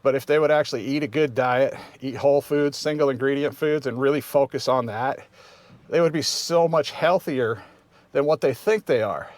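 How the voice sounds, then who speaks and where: A man's voice: medium pitch, normal speed, no echo. Man, fifty, vlog host, casual chat, rambling, easygoing, restarts a lot. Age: 50s.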